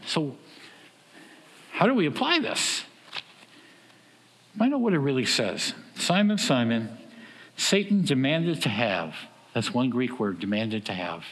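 Male preacher, mid-range voice, lively sermon delivery, big reverberant hall. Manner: animated, acts out quoted voices with big swings in pitch and loudness.

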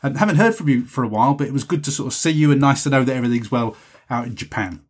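A man hosts his own podcast and chats his way through listener messages. His voice has a husky edge and sits at an ordinary middle pitch. He rambles cheerfully and is quick to poke fun at himself. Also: animated. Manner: rambling, chatty, self-deprecating. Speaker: podcast host. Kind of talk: solo podcast chat reading listener messages.

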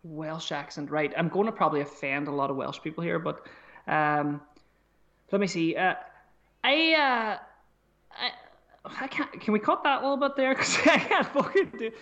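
A man's voice: a little high, moderate pace, pushed and bright, lo-fi sound. A man as a podcast guest, self-mocking and sweary, laughing at his own attempts. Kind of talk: casual chat.

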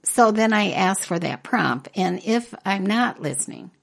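A woman's voice: mid-range voice, expressive, a little slow, creaky. An older woman co-hosting a podcast, talking earnestly and laughing often in a casual faith discussion. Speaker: podcast co-host.

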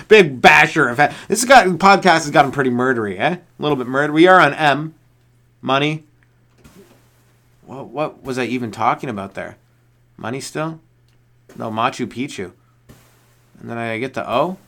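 Brief: male stand-up comic, mid-pitch, improvising a loose, swearing solo rant full of tangents. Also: sharp tone. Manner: rambling, profane, tangent-chasing; slips into quick voices of others. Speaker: stand-up comedian and podcast host.

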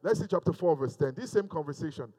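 A man's voice: fairly high pitch, expressive, fast talker, warm tone, rough recording. A male pastor preaching a sermon in a church service, emphatic and repeating phrases for emphasis.

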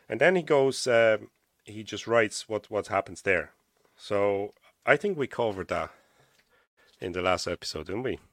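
Irish man, podcast host, reads aloud with stumbles, lowish voice, dry close sound. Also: fairly bright tone, dry recording. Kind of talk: casual podcast chat, reading aloud from a diary.

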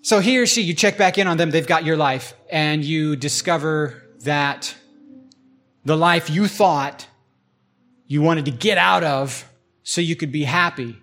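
Slightly high-voiced male pastor preaching. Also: a little slow, fairly bright tone, soft background music. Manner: conversational, acts out imagined voices. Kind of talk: sermon.

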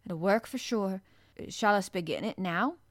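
A woman voicing a calm country boy in a storybook, speaking. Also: medium pitch, a little slow, dry recording, clean studio sound, lightly acted. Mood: gentle.

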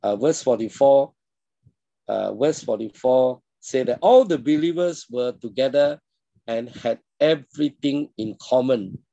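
A male pastor delivers a sermon in a measured teaching tone, pitched around the middle for a man. He often clears his throat and puts questions to his listeners. The sound is dry and close, with no room echo. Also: dark tone, lo-fi sound. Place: online church service.

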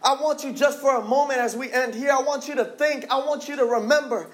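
A young man in his twenties preaching a sermon with passion, repeating phrases and dropping his voice low for emphasis. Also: fast. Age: 20s.

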